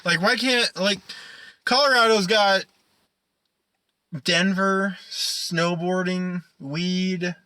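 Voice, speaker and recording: A man's voice: high voice, fairly even intonation, extremely slow, pauses often, sharp tone, no room sound, rough recording. A young man co-hosting a casual podcast, rambling and swearing, laughing often. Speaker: podcast co-host. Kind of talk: casual chat.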